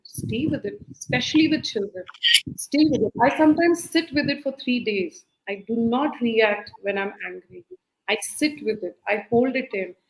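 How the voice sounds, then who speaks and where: A woman's fairly high voice comes through a reverberant, low-quality recording as she, a life skills coach, earnestly advises on parenting over a video call for a live-streamed interview. She's animated, voicing quotes and repeating key phrases.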